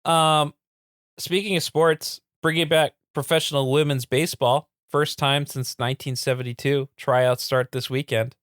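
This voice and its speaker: A man's voice: a little high, flat delivery, normal speed, fairly bright tone, no room sound, clean studio sound. A man co-hosting a podcast in easygoing casual chat. He laughs often. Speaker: podcast co-host.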